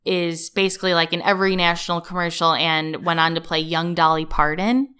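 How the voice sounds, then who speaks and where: Guest comedic actress, woman, Midwest-raised, loose and laughing, clear resonant tone. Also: fairly low pitch, steady tone, brisk, bright, forceful tone. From American Midwest. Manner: chatty, heavy "like" fillers, laughs often. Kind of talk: casual interview chat.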